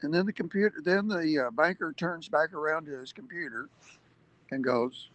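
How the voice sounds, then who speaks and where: A man's voice: a little high, normal speed, fairly bright tone, dry recording, rough recording. A man giving an earnest livestream advocacy talk, explaining step by step with emphatic points and hesitant fillers. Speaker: activist speaker.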